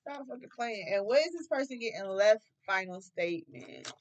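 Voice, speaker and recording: A woman's voice: mid-range voice, animated, moderate pace, muffled recording. A young woman doing a casual tarot reading, loose and profane, laughing often. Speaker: tarot reader.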